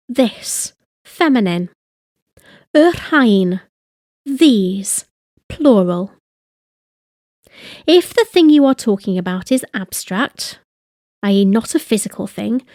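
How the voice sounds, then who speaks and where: A woman narrating a scripted language lesson, speaking slowly and carefully with deliberate enunciation. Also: fairly high pitch, a little mellow, dry recording, studio quality. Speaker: language teacher.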